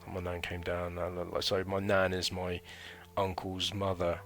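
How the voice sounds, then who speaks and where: Faint music sits behind this deep-voiced British man in his thirties as he tells a meandering, chatty story of his military training. He was once a recruit, speaks at a moderate pace with totally flat delivery, and peppers his talk with fillers and slang.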